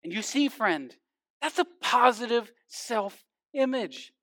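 A male pastor giving a sermon, swinging from loud emphasis down to hushed, intense passages. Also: very high-pitched, animated, slow pace, dry recording, clean studio sound.

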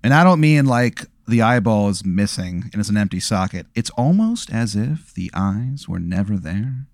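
A man's voice: lowish voice, big pitch swings, normal speed, a little mellow, no echo, studio quality. A man narrating a tabletop game as game master, rambling with many fillers and relishing gory detail.

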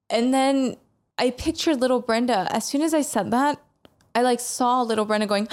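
A woman sharing a personal story in an earnest, emotional way, often restarting her sentences and laughing softly between thoughts. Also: fairly high pitch, moderate pace, pauses often.

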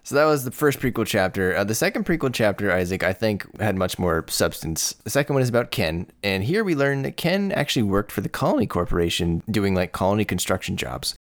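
Low-voiced, steady male podcast co-host. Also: a little fast, few pauses, no echo. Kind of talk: casual podcast chat and plot summary.

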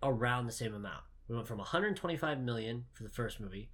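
A man's voice: mid-range voice, expressive, fast, fairly bright tone. A man co-hosting a podcast, recapping a movie in casual, profane, joking chat. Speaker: podcast co-host.

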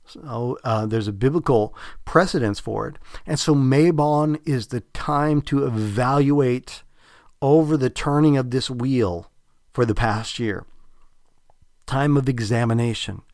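A man's voice: mid-range voice, measured pace, a little mellow, dry recording, clean studio sound. A man with a Southern US accent hosting a podcast, talking in a rambling, reflective way with many fillers and restarts. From American South. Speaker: podcast host. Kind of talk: casual spiritual podcast talk.

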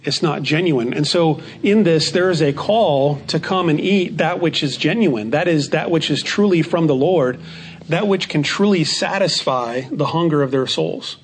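A man's voice: on the high side, slight background noise. Man teaching a Bible study lesson. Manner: measured, repeats key phrases for emphasis.

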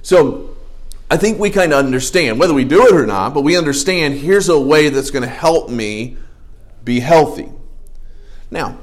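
A man, a pastor, preaching a casual, folksy sermon full of jokes, asides and restarts. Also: fairly high pitch. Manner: folksy, joking, conversational preaching with many restarts.

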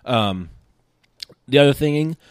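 A man's voice: mid-range voice, animated, slow pace, clear, resonant tone, no echo, clean studio sound. A man co-hosting a podcast, reviewing TV and movies in a rambling, casual way, full of fillers and restarts. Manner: rambling, hesitant with many fillers. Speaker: podcast co-host. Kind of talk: casual chat reviewing TV and film.

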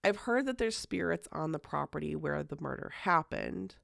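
Woman, podcast host, casual storytelling, gravelly, filler-heavy, dry sound. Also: deep voice, animated, moderate pace, fairly bright tone, no echo. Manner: chatty, many "like" fillers, swears casually.

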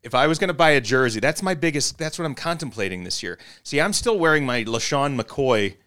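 A man hosting a casual sports chat, animated, laughing often and breaking off his own sentences. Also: medium pitch, a little fast.

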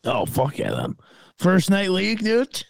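A man co-hosting a podcast, chatting casually and chummily with quick, agreeable reactions. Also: sits high, wildly swooping pitch, gravelly, no room sound. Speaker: podcast co-host. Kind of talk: casual chat.

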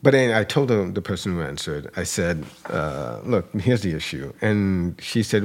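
A man's voice: low voice, measured pace. A man co-hosting a podcast, animatedly retelling a dispute with a neighbor and acting out both sides. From New York area. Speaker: podcast co-host. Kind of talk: storytelling in casual chat.

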